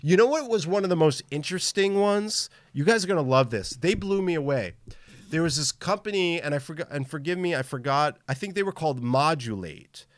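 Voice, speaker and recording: A man's voice: a little high, animated, a little fast, no echo. A man hosting a live gaming podcast in casual chat, upbeat and tired from travel, greeting viewers by name. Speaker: podcast host.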